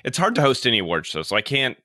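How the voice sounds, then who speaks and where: A man co-hosting a casual celebrity news show, recapping stories and pausing with fillers to recall details. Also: medium pitch, big pitch swings, sharp tone, no echo, clean studio sound. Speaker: co-host.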